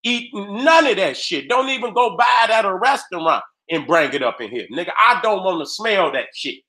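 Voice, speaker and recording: A man with a very high, bright, sharp-edged voice goes off in a loud, profane rant. He talks straight to his viewers in streetwise slang and keeps slipping into short acted-out exchanges. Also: expressive, moderate pace. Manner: heated, streetwise, loud, acts out dialogues. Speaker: video host. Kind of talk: profane ranting commentary.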